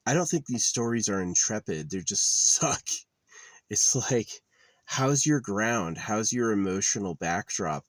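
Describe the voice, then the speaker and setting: Young man, deep low voice, dry close sound; halting, bitter, blunt monologue on the edge of tears. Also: no room sound. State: tearful. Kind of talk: rambling personal monologue.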